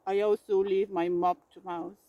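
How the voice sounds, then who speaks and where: Woman doing a low grumpy sick bear. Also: level tone, moderate pace, dry recording, muffled recording, close to an everyday voice. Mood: grumbling. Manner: pompous, melodramatic complaining. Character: grumpy, self-pitying male bear with a cold. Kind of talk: storybook read-aloud.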